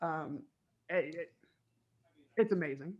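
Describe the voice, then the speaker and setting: A woman's voice: low voice, takes it slowly, husky, lo-fi sound. Woman cohost gabbing about a tv episode, laughs a lot, does little voices for the characters. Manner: animated, laughs often, acts out quotes. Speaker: podcast co-host. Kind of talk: casual fan discussion.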